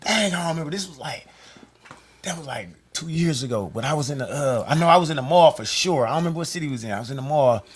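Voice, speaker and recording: A man in casual chat, telling stories with lively energy and acting out other people's voices. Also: fairly high pitch, quick pace, husky. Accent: Milwaukee, US. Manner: animated storyteller, acts out voices with laughter. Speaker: guest rapper.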